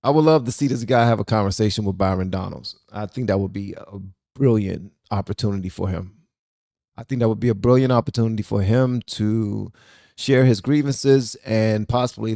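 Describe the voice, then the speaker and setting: A man with a gravelly, fry-laced voice reacts to clips on his podcast, jumping up in pitch when something strikes him as unbelievable. He sounds close to the mic in a dry space. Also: normal speed, no room sound. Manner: animated, incredulous, laughs often. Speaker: podcast host. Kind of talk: reaction commentary.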